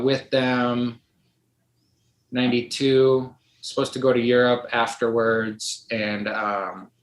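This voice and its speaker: A man's voice: medium pitch, a bit bright. A middle-aged man, a podcast guest, telling a long story in a rambling casual way, full of likes and ums, acting out the voices of others. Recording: roomy echo.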